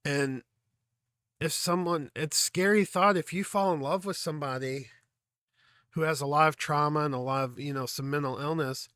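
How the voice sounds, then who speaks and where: Earnest man reacting with halting emotion. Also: a little high, fairly bright tone, dry recording, clean studio sound. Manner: earnest, halting, reflective with many fillers. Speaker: music reaction host. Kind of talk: casual reaction commentary.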